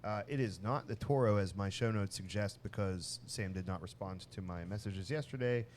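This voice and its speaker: A man co-hosting a casual podcast, telling a long family story with many restarts and lively acted-out bits. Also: lowish voice, normal speed, a little hiss or hum. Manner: rambling, restarts often, animated when telling a story. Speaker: podcast co-host.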